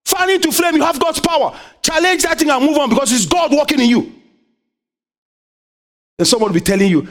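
Preaching fairly quickly but with long pauses, a man repeatedly has the congregation complete his sentences, calling out "what?" in call-and-response fashion. His delivery shifts from loud, high-pitched exhortation to hushed, low asides.

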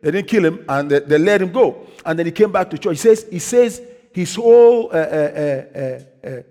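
High-voiced preacher man in a reverberant hall. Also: lively intonation, normal speed, warm tone. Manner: call-and-response preaching, frequent "praise the Lord". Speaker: pastor. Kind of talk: sermon.

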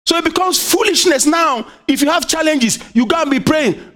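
A man preaching a sermon, often asking the congregation to finish his sentences. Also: moderate pace. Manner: call-and-response, asks the congregation "what?"; swings between loud high exhortation and low quiet asides.

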